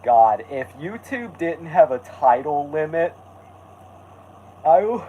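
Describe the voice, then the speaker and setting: A young man hosting casual reaction commentary, excitable and exclamatory, swearing casually. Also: a little high, takes it slowly, lo-fi sound, a little hiss or hum. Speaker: host.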